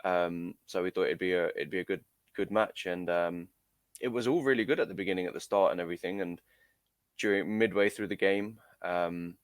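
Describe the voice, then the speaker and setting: A young man with a low voice, an amateur footballer appearing as an interview guest, recounts a story casually and a little fast. He sounds hesitant, with many fillers and restarts, and there's no echo.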